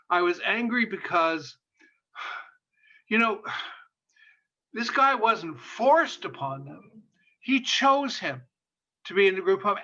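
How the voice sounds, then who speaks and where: A man giving a guest lecture on sexuality and disability tells a story with mounting passion in a high, bright voice. He repeats phrases for emphasis and often pauses on fillers. The audio is dull and lo-fi.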